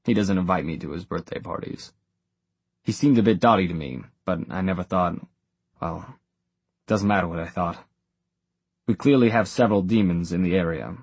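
A man voicing a world-weary male warlock who speaks in a dry, flat way. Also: deep voice, moderate pace, long pauses, breathy edge, no room sound. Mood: wry.

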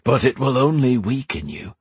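A man voicing a tempting inner monster that speaks slowly and quietly, coaxing the hero. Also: mid-range voice, big pitch swings, husky, no echo, pitched above the performer's own voice.

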